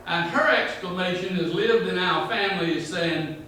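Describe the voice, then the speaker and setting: A man with a Georgia drawl tells rambling, humorous family stories to a local history meeting. His voice sits high and bright, and it rings through a very echoey room. He is picked up from a distance, with a faint hiss underneath. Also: normal speed, few pauses. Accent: Southern US, Georgia. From north Georgia, USA. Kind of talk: folksy talk to a local history group. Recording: very echoey room, mic far off.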